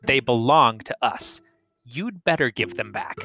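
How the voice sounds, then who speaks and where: A man voicing a menacing robber who speaks low and hushed with threats. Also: animated, unhurried, soft background music. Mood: threatening. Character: menacing gang of male robbers.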